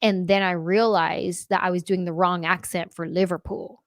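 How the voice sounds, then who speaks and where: A woman hosting a casual chat show, talking in a chatty, playful way with quick asides. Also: fairly low pitch, fairly even intonation, no echo, clean studio sound. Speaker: host.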